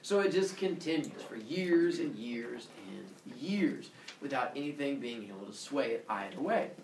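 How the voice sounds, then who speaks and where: Brief: lively male teacher storytelling to a class, sound effects and voices; distant, roomy classroom sound. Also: mid-range voice, measured pace, a little hiss or hum. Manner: animated, goofy, sound effects.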